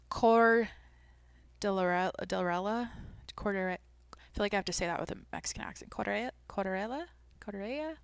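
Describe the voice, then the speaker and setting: A young woman hosts her own podcast in a casual, rambling chat full of fillers and deadpan jokes. Her voice is bright and lively in tone. The recording is dry and close, with no room sound. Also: fairly low pitch, no echo. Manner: rambling, jokey, lots of "like" and "um"; self-described deadpan. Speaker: podcast host.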